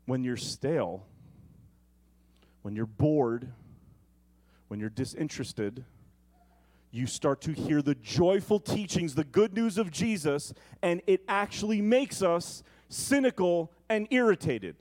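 A man's voice: on the high side, lively intonation, slow, darkish tone. A male pastor preaching a sermon in a conversational way, with comic asides.

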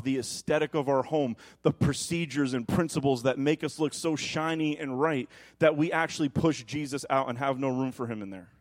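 A man in his thirties preaching a lively sermon in a church, telling stories animatedly and dropping soft and low when quoting God. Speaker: pastor.

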